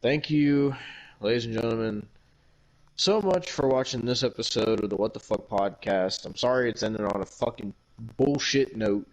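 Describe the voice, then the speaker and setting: A man's voice: mid-range voice, normal speed. A man hosting a casual podcast, ranting heatedly and swearing constantly. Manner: heated, heavily profane ranting. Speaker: podcast host.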